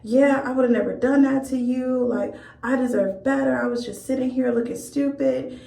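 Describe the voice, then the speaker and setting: A man's voice: very high voice, moderate pace, gravelly, a little mellow, voice pushed up. Give me a woman playing a sulky older man complaining he deserves better, in an echoey room. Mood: aggrieved. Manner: whiny, aggrieved. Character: older man, sulking and self-pitying.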